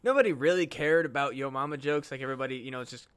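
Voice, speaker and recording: A man's voice: medium pitch, racing, a bit bright, clean tone. A man co-hosting a casual comedy podcast, swearing and rambling with many restarts. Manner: profane, rambling, restarts a lot. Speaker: podcast co-host.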